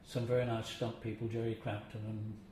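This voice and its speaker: Speaking a little fast in a lowish, slightly mellow voice with flat delivery, an older former actor shares chatty stories from his career during an interview. He chuckles and occasionally imitates people. The recording has heavy room echo and a faint hiss.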